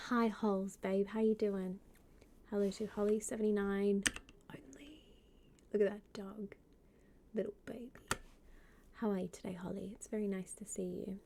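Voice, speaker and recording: A woman streamer chatting casually with her viewers, greeting them by name and often dropping into a soft half-whisper. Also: mid-range voice, flat delivery, moderate pace, noisy background. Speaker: live streamer. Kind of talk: casual live-stream chat.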